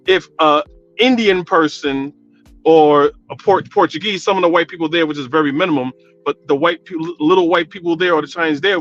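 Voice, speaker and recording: A fairly high, slightly bright male voice with the highs cut off. He's a New York caller of Guyanese descent phoning into a radio talk show, chatting casually and at length with lots of fillers.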